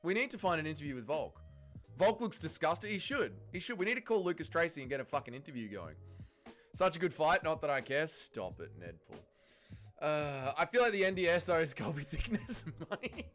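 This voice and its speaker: A young man, hosting a fight watch-along livestream, mocking and profane, swinging between disbelief and deadpan. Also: on the high side, brisk, soft background music. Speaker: livestream host.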